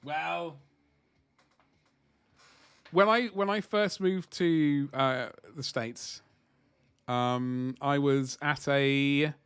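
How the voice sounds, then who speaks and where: A man's voice: on the high side, steady tone, extremely slow, long pauses, fairly bright tone, clear, resonant tone, dry recording. A man chatting casually on a live stream as he paints miniatures, thinking aloud and rambling with self-deprecating asides.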